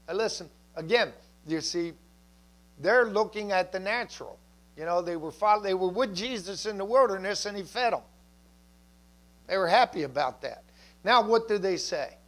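A man with a notably high voice delivers a sermon as a pastor in church. His preaching is conversational and relaxed, full of asides and light jokes to the congregation. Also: normal speed.

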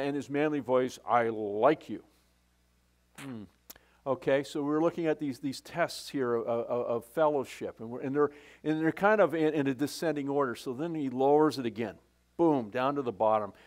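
A man's voice: on the high side, moderate pace, darkish tone. A male pastor preaching a sermon in a church. He often stops and restarts, repeating words, and makes casual asides to the congregation. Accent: Canadian English. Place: church sanctuary.

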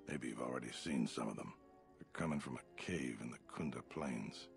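An actor playing a gruff, blunt, middle-aged male militia captain in a video game, with a gravelly voice and a terse, world-weary manner. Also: a bass voice, normal speed. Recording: game audio with faint music.

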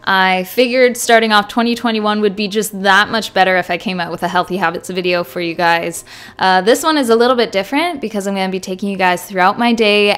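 A woman's voice: mid-range voice, a bit bright. A young woman chatting casually to viewers in a vlog, upbeat and direct. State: out of breath at times. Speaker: vlogger.

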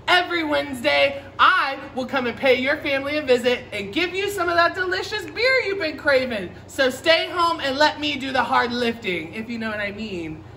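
Woman with a bright, gravelly ad voice. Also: sits high, slight background noise. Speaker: ad reader. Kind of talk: comic ad read.

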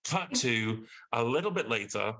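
British man telling a lively anecdote. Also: medium pitch, moderate pace, rough recording. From Britain. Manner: animated, acting out quoted exchanges. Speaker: guest actor. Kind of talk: storytelling on a podcast.

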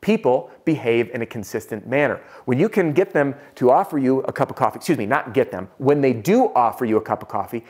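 A man in his ordinary middle register tells a story to the camera as a sales trainer. He talks in an animated way and acts out the quoted dialogue. He sinks to a low murmur when he repeats whispered words. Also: brisk, hardly any pauses, breathy edge.

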